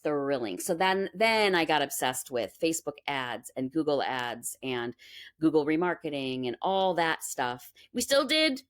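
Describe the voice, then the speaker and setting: A woman's voice: low voice, a little slow, clear, resonant tone. A woman being interviewed about her music school, telling stories in a chatty way and acting out what people said. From Minnesota, US. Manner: animated, acts out quoted voices. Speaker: guest, music school owner. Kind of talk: casual storytelling interview.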